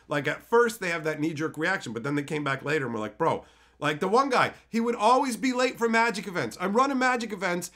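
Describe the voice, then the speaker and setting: A high, bright-voiced Canadian man ranting on a live stream. His pitch swings widely as he swears and lectures in a heated rush. The tone is sharp and tense. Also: animated, fairly quick. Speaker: streamer chatting with viewers.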